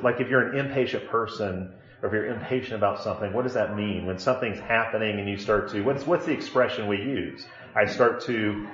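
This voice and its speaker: A man with a low voice teaches a Bible lesson in a classroom and keeps asking his students questions. The room is echoey and the recording sounds dull and lo-fi. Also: fairly bright tone. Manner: conversational, asks the class questions.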